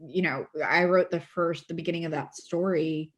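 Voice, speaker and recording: Chatty low-voiced woman author, laughing often. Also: normal speed. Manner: animated, laughs often, frequent fillers and restarts. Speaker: guest author. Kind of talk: casual podcast interview.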